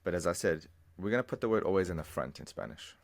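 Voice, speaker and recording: A low-voiced man with lively intonation leads a language lesson on a screen recording. He explains patiently, repeating phrases slowly and moving step by step.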